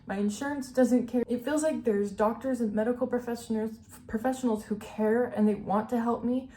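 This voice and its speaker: A woman's voice: on the high side, fairly even intonation, brisk, warm tone, a little hiss or hum. Earnest young woman vlogging candidly. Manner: earnest, emotional, filler-heavy with "like" and "you know". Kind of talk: candid personal vlog.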